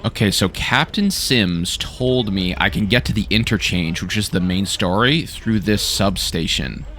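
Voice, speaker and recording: A man casually commenting while he plays a game, excitable and quick to swear and react. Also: lowish voice, slight background noise. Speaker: gaming YouTuber. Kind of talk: casual let's-play commentary.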